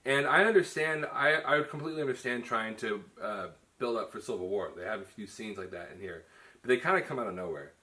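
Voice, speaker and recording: Bright-voiced man reviewing a film. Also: lowish voice, fast talker. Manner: chatty, many restarts and "you know". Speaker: film reviewer, show host. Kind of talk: casual review chat.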